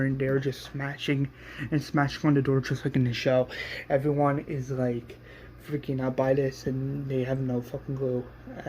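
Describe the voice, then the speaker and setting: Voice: medium pitch, dark tone. Brief: laid-back recap narrator, filler-heavy, lots of restarts, faint noise behind. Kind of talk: casual plot retelling.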